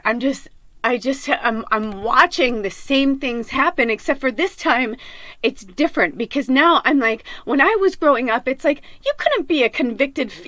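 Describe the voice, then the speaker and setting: A middle-aged woman hosts a podcast, her high voice sharp in tone and free of echo. She delivers a raw, rambling, emotional monologue, tearing up and swearing often.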